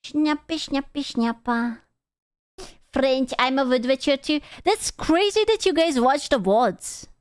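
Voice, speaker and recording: A woman's voice: high voice, expressive, a little slow, hardly any pauses, no echo, studio quality. A young woman streamer chatting casually with her chat, rambling, teasing and swearing freely.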